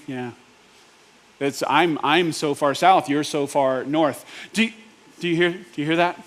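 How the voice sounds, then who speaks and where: Man, pastor, sermon, casual joking delivery, talks straight to the congregation, voice pitched a bit high. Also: animated, moderate pace, fairly bright tone. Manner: asks the audience rhetorical check-ins.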